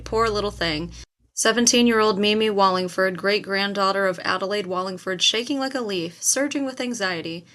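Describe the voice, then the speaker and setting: Woman reading a first-person audiobook, expressive, acts out the quotes. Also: mid-range voice. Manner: expressive storytelling with acted quotes. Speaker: audiobook narrator.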